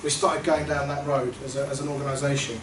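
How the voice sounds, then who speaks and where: A man giving a reflective workshop talk to a group, earnest and halting, often trailing off softly. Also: mid-range voice, flat delivery. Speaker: workshop presenter. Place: meeting room. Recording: echoey room from far off, noisy.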